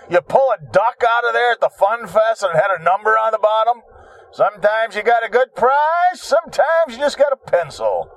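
High, lively, profane older man. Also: dry recording. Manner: profane, wry, self-mocking storytelling. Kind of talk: rambling personal monologue.

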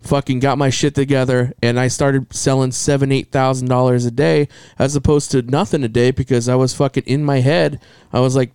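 A blunt man ranting in a loose podcast chat, full of swearing and straight talk. His voice sits at an ordinary middle pitch. The sound is dry and close, with no room around it. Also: level tone, a little fast, hardly any pauses, darkish tone, clear, resonant tone, no echo. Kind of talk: casual chat.

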